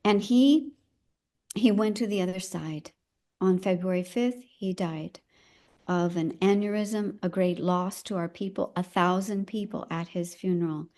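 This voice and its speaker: An older woman recounting her past in an interview, speaking in a reflective, halting way and stopping now and then to find the right words. Her pitch sits in the middle range for a woman, and her voice is neither high nor low. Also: warm tone. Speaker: elder midwife guest. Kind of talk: personal storytelling in conversation.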